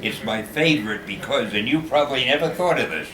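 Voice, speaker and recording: A man's voice: medium pitch, animated, a little fast. An older man telling self-mocking stories as guest of honor in a fan Q&A. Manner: wry, self-mocking jokes. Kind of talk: humorous Q&A storytelling. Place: convention event room. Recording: echoey room, loud crowd.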